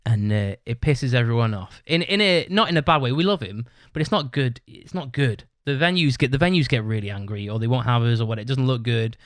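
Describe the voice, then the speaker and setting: A man's voice: medium pitch, fairly quick, few pauses, no echo. A young British man hosting his own podcast, telling a rambling, sweary story in a casual way and laughing as he talks. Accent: British English. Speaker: podcast host.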